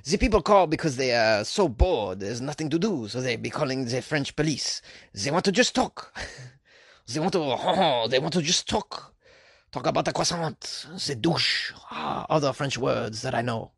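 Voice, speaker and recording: A bored French police spokesman with a hammy, exaggerated mock accent, as a man puts him on. The voice sits a little higher than plain talk, with a gravelly edge and an odd, altered tone. It is recorded dry and close. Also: animated, drawn-out words, pauses often, sharp tone, no room sound, full character voice.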